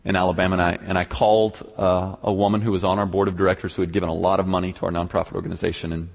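A man preaching, telling a personal story with animated swings from quiet and low to loud, high outbursts, often stammering on restarts. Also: racing, vocal fry, long reverb tail. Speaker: pastor. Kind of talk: sermon storytelling.

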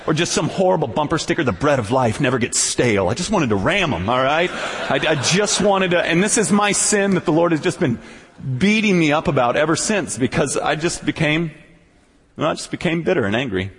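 Animated preacher telling a story in a reverberant hall. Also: male voice, fairly quick, a little hiss or hum. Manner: animated storyteller, swings from low and quiet to loud, high outbursts; stammering restarts. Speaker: pastor. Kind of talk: sermon storytelling.

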